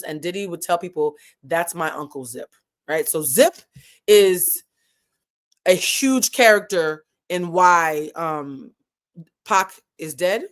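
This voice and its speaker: A woman with a New England accent hosting a casual live commentary stream, animated and digressive, swearing freely and swinging between loud and soft. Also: on the low side. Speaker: commentary channel host.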